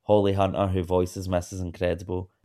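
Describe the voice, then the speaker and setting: A man co-hosting a podcast, chatting in a gossipy way with lively swings of emphasis. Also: sits low, brisk. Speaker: podcast co-host. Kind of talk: casual chat.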